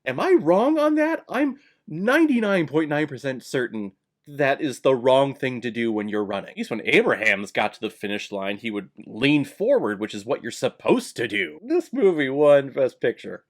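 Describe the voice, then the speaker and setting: A man talking through a film review in a casual vlog style, sarcastic and blunt. He sounds exasperated, with a voice at an ordinary middle pitch. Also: very animated, moderate pace. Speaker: movie reviewer.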